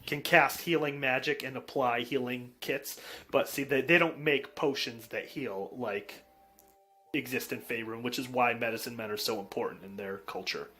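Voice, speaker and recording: A man's voice: medium pitch, moderate pace, bright, forceful tone. A man narrating a tabletop game as game master in a voice chat, easygoing and descriptive.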